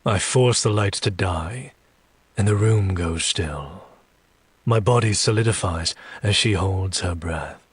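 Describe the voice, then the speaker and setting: Husky low-voiced man reading a romance audiobook. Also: takes it slowly, no echo. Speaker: audiobook narrator.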